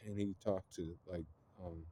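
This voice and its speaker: A man's voice: low voice, steady tone, measured pace, mellow, slight background noise. A man casually retelling an anime plot, rambling with lots of fillers and some swearing. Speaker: storyteller.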